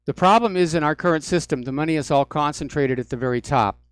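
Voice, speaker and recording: Calm male radio host, somewhat high voice, measured delivery, dry sound. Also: smooth, no echo. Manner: measured, calming. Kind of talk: talk radio discussion.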